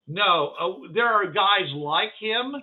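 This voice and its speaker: A man narrating as game master of a tabletop game, halting, with many fillers. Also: high voice, expressive. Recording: phone-like narrow band.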